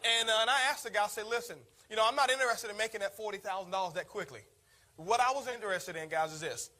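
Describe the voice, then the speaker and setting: High-pitched, bright and forceful, this man's voice drives a rapid-fire motivational talk from the network marketing world. He recounts his story energetically and constantly refers to his listeners as "guys."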